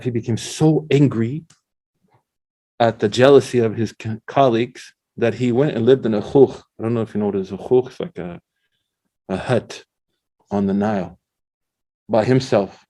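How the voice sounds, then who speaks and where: A middle-aged Islamic scholar with a mid-range voice gives a casual religious lecture, animated in his storytelling, using slang and reciting Arabic quotations.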